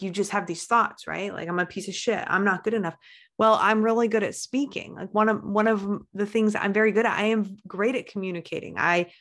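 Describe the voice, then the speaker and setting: A woman's voice: mid-range voice, fairly bright tone. A woman, a life coach, talking candidly as a podcast guest, blunt and swearing, with bursts of feeling. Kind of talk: candid interview talk.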